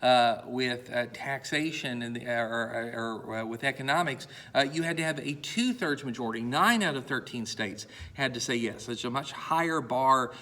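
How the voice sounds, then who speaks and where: A man's voice: mid-range voice, normal speed, hardly any pauses, pushed and bright. A middle-aged man giving a college history lecture in a conversational way, with many "uh"s and restarts, repeating points for emphasis. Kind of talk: classroom lecture.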